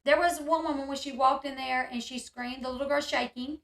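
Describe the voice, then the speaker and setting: A woman's voice: high-pitched, fairly even intonation, fairly quick, roomy sound, noisy background. A woman hosting a live online discussion, reacting with indignation and answering viewers' comments. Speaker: channel host reading chat and commenting.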